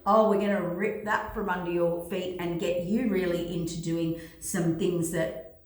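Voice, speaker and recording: A woman's voice: on the low side, steady tone, measured pace, darkish tone, close to an everyday voice. A woman voicing the universe as a sly, taunting cosmic force that mocks people with teasing questions. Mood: mocking. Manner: teasing, mock-sweet questions. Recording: very echoey room.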